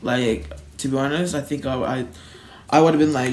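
A woman hosting a casual reaction video, talking in an animated way and laughing often. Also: rumbling low, normal speed, soft background music.

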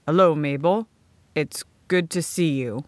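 A woman's voice: normal speed, no echo, lightly acted. A woman voicing an eager, earnest young man in an audiobook. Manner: steady, low-pitched storybook dialogue.

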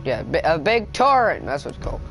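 A man's voice: on the high side, sing-song, moderate pace, vocal fry, music in the background. Joking young man narrating gameplay. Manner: joking, rambling, self-mocking. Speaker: gaming YouTuber. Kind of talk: casual gameplay commentary. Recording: loud game sounds behind voice.

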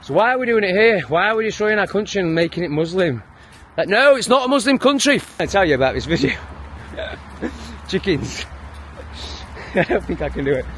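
A man's voice: sits high, big pitch swings, normal speed, fairly bright tone, slight background noise. An English man ranting heatedly and swearing a lot in his own opinion vlog. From England. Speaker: vlogger. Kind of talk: profane opinion rant.

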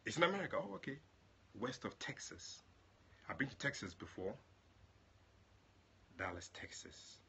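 Bright-voiced male pastor chatting with viewers. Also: big pitch swings, moderate pace, pauses often, a little hiss or hum. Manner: chatty and affectionate, greets viewers by name, jumps to high exclamations. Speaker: prophet and pastor. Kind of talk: livestream prayer and chat with viewers.

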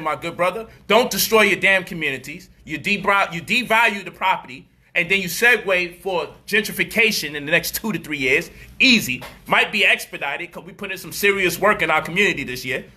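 A man delivering an animated, profane street-style commentary monologue, mocking people and acting out their voices. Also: sits high.

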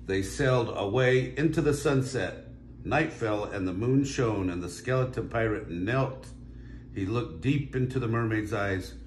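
An older man, a grandfather, reading a children's picture book aloud with a chuckling, lively manner. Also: on the low side, unhurried, reverberant, slight background noise. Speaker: grandpa storyteller.

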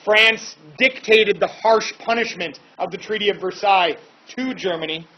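A man's voice: high-pitched, normal speed, husky. A man teaching a history lesson in a casual, chatty way, with informal asides and fillers. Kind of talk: casual classroom lecture. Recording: dull lo-fi recording.

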